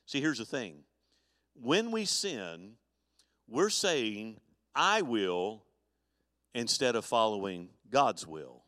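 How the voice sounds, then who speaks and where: A man's voice: mid-range voice, sing-song, takes it slowly, fairly bright tone. Man, pastor, sermon, stammering folksy delivery, dry close mic, reverberant hall. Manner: folksy preacher with stammered restarts and chuckles. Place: church sanctuary.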